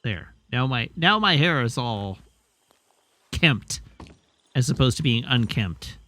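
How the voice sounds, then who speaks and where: Lively wry man streaming a game. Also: mid-range voice, takes it slowly. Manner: wry, self-amused asides. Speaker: let's play streamer. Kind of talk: casual gameplay commentary.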